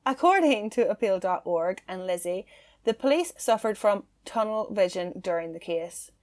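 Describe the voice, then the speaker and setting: A woman hosting a casual true-crime podcast, chatty and quick to laugh. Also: mid-range voice, expressive, a little mellow. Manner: chatty, laughs easily, filler-heavy. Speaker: podcast host.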